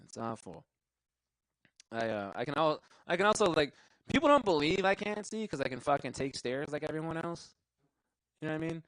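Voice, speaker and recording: A man's voice: a little high, big pitch swings, a little fast, pauses often, a bit bright, no room sound, rough recording. A young man doing a stand-up comedy set, rambling, cursing freely and laughing at his own jokes. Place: live show venue.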